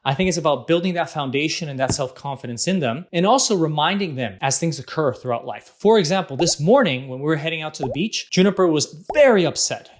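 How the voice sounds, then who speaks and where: Animated man giving parenting advice. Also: a little high, fast talker, hardly any pauses. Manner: animated, acts out quotes. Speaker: parenting vlog host. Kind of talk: casual advice monologue.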